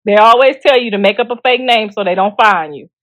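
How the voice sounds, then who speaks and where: Talking a little fast in a medium-pitched, fairly bright voice, a middle-aged woman hosts a gossip show about celebrities. There's no echo as she cracks blunt jokes, laughs frequently, and addresses viewers in slang.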